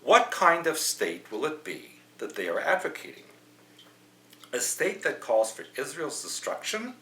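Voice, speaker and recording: A man's voice: a little high, wildly swooping pitch, unhurried, sharp tone. Opinionated man hosting a news podcast. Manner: opinionated, reads quotes aloud with asides. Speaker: podcast host. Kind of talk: news commentary chat. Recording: roomy, slightly distant mic with faint hum.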